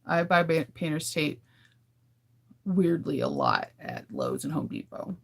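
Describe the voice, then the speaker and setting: Chatty woman with a gravelly edge. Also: deep voice, huge pitch swings, a little slow. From California. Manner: laughs often, chatty and candid. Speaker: livestream host. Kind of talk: casual chat with live viewers.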